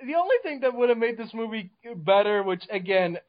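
A man co-hosting a casual movie podcast, talking excitedly with laughs and swearing. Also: sits high, fairly quick, dull audio. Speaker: podcast co-host.

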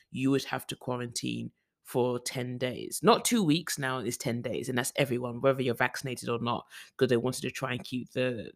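A young man from the UK chats casually to camera in a personal vlog. He rambles, restarts his sentences and leans on fillers, with a voice of ordinary pitch. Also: fairly bright tone. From United Kingdom. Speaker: vlogger.

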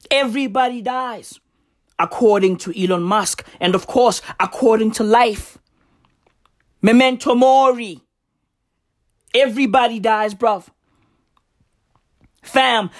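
Woman doing a sweary comedy rant, high voice all over the place. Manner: profane, slangy, swings from musing to shouting and sing-song chanting. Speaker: comedic commentator. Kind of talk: ranting comedic monologue.

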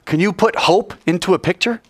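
A man preaching a sermon, telling stories in an animated way and asking his audience questions. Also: high voice, a little fast, no room sound.

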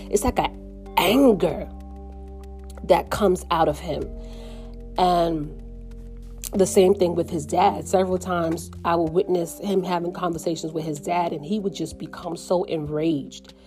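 A middle-aged woman talks earnestly and reflectively about her own story, slowing down on the painful parts. Her voice sits a little low and sounds mellow and warm. Soft music plays faintly beneath her. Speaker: mother sharing her story. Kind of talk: personal reflective monologue.

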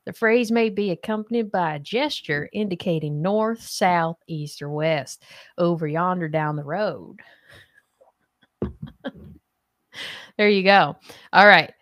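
A woman's voice: mid-range voice, a little slow, fairly bright tone. A woman hosting a casual podcast chat and running a playful quiz, laughing often. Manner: giggly, chatty, laughs often. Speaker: podcast host.

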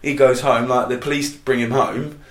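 A man, co-hosting a casual music chat and retelling scenes with animated energy. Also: medium pitch, normal speed, echoey room. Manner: animated storyteller who acts out scenes. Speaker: podcast co-host reviewing songs.

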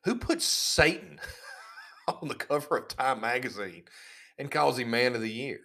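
Ranting with indignant sarcasm, a podcast host keeps building his case, his pitch lurching up and down and his words sometimes stumbling into repeats. It's casual commentary, animated yet unhurried, delivered in a gravelly, sharp-toned voice.

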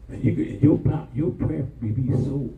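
A man's voice: mid-range voice, normal speed, creaky, narrow, tinny audio, slight background noise. A man preaching a sermon as pastor, impassioned, calling for responses from the congregation. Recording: roomy church sound from far off.

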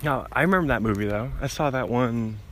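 Holding his phone to his ear as he walks outdoors by a road, a young podcast host rambles solo, breaking off mid-thought and laughing at his tangents. He speaks fairly quickly with a medium-pitched, fairly bright voice and lively intonation over slight background noise.

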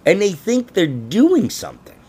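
A man's voice: high-pitched, huge pitch swings, moderate pace, mellow, breathy edge. A man hosting a casual conspiracy podcast, rambling and laughing, with frequent swearing. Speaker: podcast host.

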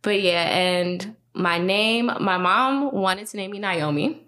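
A woman's voice: medium pitch, slow pace, a bit bright. A woman guest on a podcast, telling family stories in a casual chat. She is a chatty storyteller who fills her talk with "like" and acts out what others said. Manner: chatty storyteller, many "like" fillers, acts out quotes.

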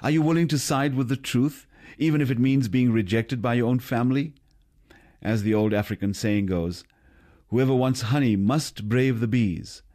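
A man's voice: mid-range voice, normal speed, dark tone. A man giving scripted gospel teaching, earnest and putting questions to the listener. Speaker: radio preacher.

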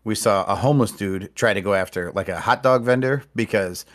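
A man in casual podcast chat, telling stories in an animated, profane way. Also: lowish voice, brisk.

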